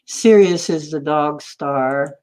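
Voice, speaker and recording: A woman's voice: low-pitched, slow pace, darkish tone. A woman hosting a casual chat, rambling and giggling between puns and jokes.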